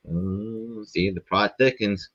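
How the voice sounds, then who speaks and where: A man appearing as a podcast guest, telling a story in a rambling, profane, animated way. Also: fairly low pitch, dull audio. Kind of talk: casual storytelling.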